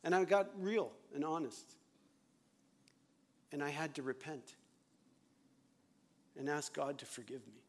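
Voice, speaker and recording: High-voiced earnest man preaching to pastors. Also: unhurried, pauses often. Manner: earnest, confessional, swings from hushed to loud. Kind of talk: sermon to pastors.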